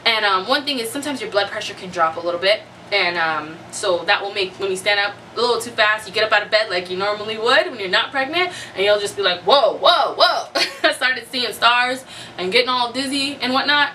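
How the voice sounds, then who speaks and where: A woman's voice: mid-range voice, fast talker, bright, forceful tone. A young woman chatting casually to camera, laughing often and acting out her own reactions. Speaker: vlogger. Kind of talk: casual chat. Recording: voice a bit far from the mic, faint noise.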